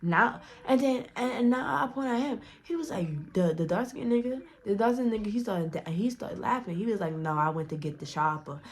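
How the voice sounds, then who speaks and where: A woman's voice: fairly high pitch, animated, normal speed, hardly any pauses. A young woman telling a story to her vlog audience in a casual, profane, rambling way, restarting her sentences often. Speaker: storytime vlogger.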